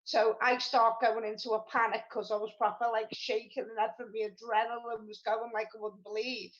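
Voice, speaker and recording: A woman, high-pitched and chatty, rambling excitably as she co-hosts a live stream. The audio is dull and lo-fi. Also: brisk, slight background noise. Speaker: show co-host. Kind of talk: casual live-stream chat.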